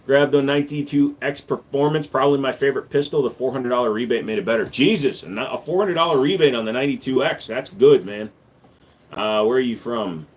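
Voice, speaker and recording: A man talking casually to his livestream chat, a mid-pitched everyday voice. He answers questions in a laid-back, joking way, with bursts of louder hype when he calls on viewers. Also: brisk, slightly rough. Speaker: livestream host and gun store owner.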